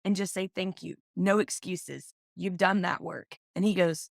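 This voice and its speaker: A middle-aged woman from Oklahoma, a business owner guest, chatting casually and telling lively stories. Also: mid-range voice, moderate pace, vocal fry, few pauses, no echo, studio quality. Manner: lively storyteller, animated in quoted speech. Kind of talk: casual interview chat.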